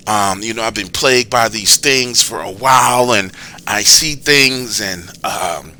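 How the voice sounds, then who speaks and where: A man imitating a strange, hesitant male caller who talks haltingly, full of ums. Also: on the low side, bright, forceful tone, a little hiss or hum.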